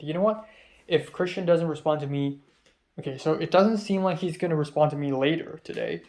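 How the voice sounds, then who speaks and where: A young man with a voice that sits slightly high, rambling through a casual vlog monologue. He vents, exasperated, stacking up ums and restarts as he talks. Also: a little mellow. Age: young adult. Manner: rambling, exasperated venting with many fillers. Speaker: student filmmaker.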